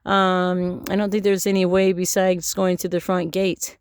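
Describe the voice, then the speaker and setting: A middle-aged woman rambles through an angry, profane monologue, stumbling over fillers and restarts. Her voice is smooth and clean, recorded close and dry with no room sound. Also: lowish voice, flat delivery, measured pace, no echo. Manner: profane, ranting, many fillers. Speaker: vlogger.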